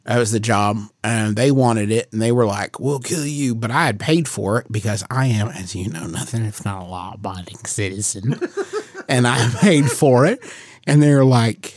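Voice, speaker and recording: Dude doing a shifty smooth-talking mercenary in a tabletop game, low-ish voice, rambles on, dry sound. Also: male voice, no echo. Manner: rambling, sly, drops to a conspiratorial hush.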